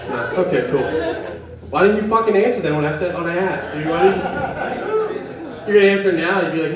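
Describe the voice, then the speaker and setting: A man's voice: high-pitched, big pitch swings, fairly quick, pauses often. A young man from West Virginia doing a stand-up set at an open mic in a coffee shop, rambling, profane and self-deprecating as he riffs with the crowd. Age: young adult. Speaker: stand-up comedian. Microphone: camera set up in the room. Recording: echoey room, mic far from the stage. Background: audience laughing.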